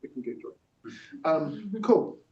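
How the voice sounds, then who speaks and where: A man facilitating a teaching workshop talks in a loose, chatty way with many fillers and restarts, breaking into spoken-word poetry. His voice sits on the high side, darkish in tone, unhurried with lively intonation. The recording is roomy, distant and dull, made in a large echoey workshop room.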